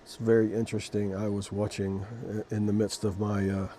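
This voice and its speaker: A low-voiced man with a mellow, even delivery reads scripture and then shares a personal reflection. He speaks in an emotional, halting way and restarts his sentences often. Faint room ambience sits behind his voice. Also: a little hiss or hum. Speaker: Christian devotional video host.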